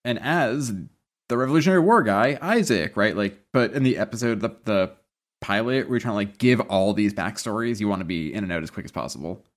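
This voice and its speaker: A man's voice: fairly low pitch, fairly quick. A man co-hosting a podcast, chatting and explaining his opinions with many "like"s. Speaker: podcast co-host. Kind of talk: casual chat about a TV show.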